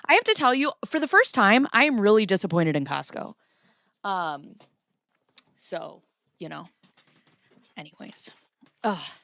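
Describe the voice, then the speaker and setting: A woman in her thirties hosting a commentary show, telling a story in a casual, profane, animated way. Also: mid-range voice, a little slow, gravelly, long pauses, dry recording. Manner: profane, expressive, animated retelling.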